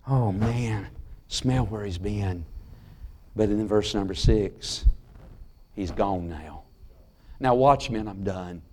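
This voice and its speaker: A middle-aged man preaching a sermon in a church. He tells folksy stories and drops to a hush on key lines. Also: lowish voice, slow, long pauses, a little hiss or hum. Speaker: pastor. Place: church sanctuary.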